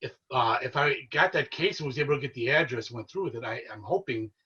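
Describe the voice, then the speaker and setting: A man, a paranormal investigator, telling his story as a podcast guest in an earnest, excitable way. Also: medium pitch, fast, husky, distant mic, lo-fi sound. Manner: earnest, excitable storyteller who relives events. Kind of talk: casual storytelling interview.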